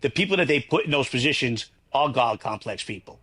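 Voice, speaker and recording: A man's voice: medium pitch, expressive, a little fast, sharp tone, slightly rough. Blunt, rambling man. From New York. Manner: blunt, rambling, swears freely. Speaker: guest. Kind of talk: casual interview talk.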